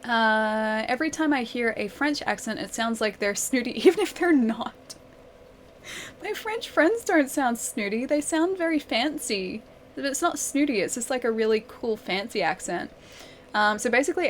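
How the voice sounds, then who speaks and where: On a live game stream, a young woman with a slightly higher-than-average voice chats warmly with viewers, answering them one by one and giggling now and then. She's animated and speaks at a moderate pace, with a faint hiss under her voice.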